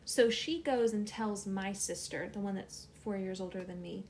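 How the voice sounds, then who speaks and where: A woman's voice: medium pitch, normal speed, darkish tone, a little hiss or hum. A young adult woman, a channel host, telling a personal story casually with many fillers.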